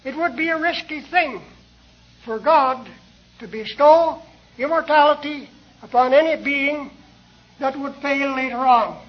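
An older man preaching a sermon in a slow, measured, earnest way, asking rhetorical questions, on a dull lo-fi old tape recording. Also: very high voice.

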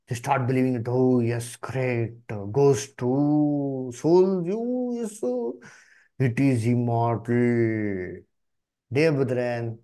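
A man's voice: medium pitch, dark tone. A man preaching a Bible study sermon, who keeps asking the congregation questions, repeats their answers and calls on people by name to read.

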